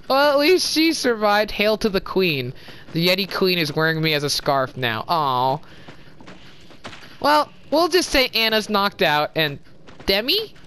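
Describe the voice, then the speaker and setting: A woman giving casual let's-play commentary, chatty and apologetic, quick to exclaim at what happens on screen. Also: mid-range voice, expressive, fairly bright tone, a little hiss or hum. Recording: game music behind voice.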